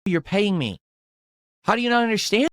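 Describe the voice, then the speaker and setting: A man's voice: high voice, sing-song, moderate pace, a bit bright, no echo, studio quality. A man talking casually on a live stream, complaining in an exasperated, defensive way. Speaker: streamer in a played clip.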